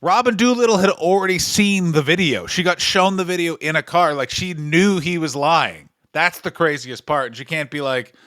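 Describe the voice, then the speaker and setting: Sarcastic man telling stories, slightly high voice. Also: moderate pace, hardly any pauses, no room sound. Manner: animated storyteller, profane, sarcastic. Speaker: comedy podcast co-host. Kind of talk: casual comedic chat.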